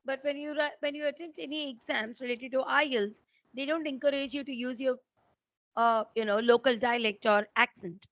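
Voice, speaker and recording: Indian-accented woman teacher, higher voice, explains patiently, dull dry call audio. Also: fairly quick, fairly bright tone, no room sound. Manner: explanatory, checks for understanding. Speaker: English teacher. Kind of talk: online teaching exchange.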